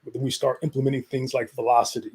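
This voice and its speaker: A man's voice: medium pitch, level tone, quick pace, darkish tone, breathy edge. A man co-hosting a casual chat, explaining business metrics with frequent repeats and fillers. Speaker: co-host.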